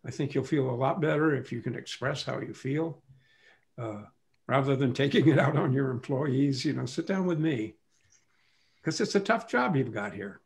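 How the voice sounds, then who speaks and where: A man's voice: medium pitch, lively intonation, normal speed, creaky. A man from England, a business leader on a panel, giving advice in a conversational way, often saying "you know".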